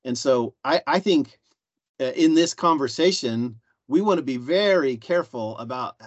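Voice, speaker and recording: A man speaks hesitantly in a church panel discussion, filling his sentences with pauses and restarts. The recording is slightly dull and dry. His pitch sits in a middle range. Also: expressive, no room sound. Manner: hesitant, many fillers. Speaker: panel member.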